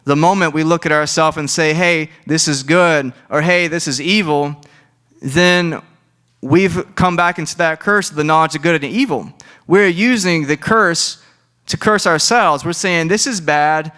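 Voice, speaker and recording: A man's voice: a little high, measured pace, bright, forceful tone, clean tone. A young man giving a casual, conversational sermon, full of asides and restarts. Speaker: preacher.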